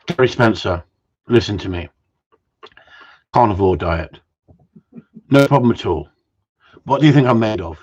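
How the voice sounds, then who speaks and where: A man's voice: lowish voice, expressive, measured pace, long pauses, a little mellow, highs cut off. A man chatting casually to viewers in a rambling, cheeky way, swearing freely. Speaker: vlogger.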